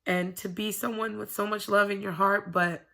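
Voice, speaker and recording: A woman with a bright, gravelly voice confides in her camera at home. She rambles candidly and swears freely, in casual confessional chat. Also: medium pitch, steady tone, normal speed. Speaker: vlogger.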